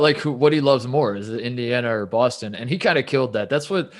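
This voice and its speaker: Man, sports podcast co-host, casual chat, rambling, self-deprecating, mid-pitched voice. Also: lively intonation, quick pace. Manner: rambling, self-deprecating, with frequent restarts and laughs.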